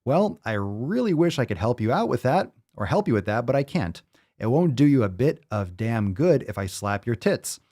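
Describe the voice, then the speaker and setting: A man's voice: medium pitch, sing-song, normal speed, mellow. Profane, joking man hosting a fitness podcast. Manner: profane, joking, reads letters aloud with running asides. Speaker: podcast host. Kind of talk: casual chat reading listener messages.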